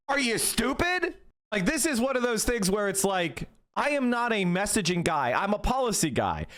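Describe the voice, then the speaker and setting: A man's voice: very high-pitched, fairly bright tone. A man streaming live political commentary, heated and profane, berating his chat.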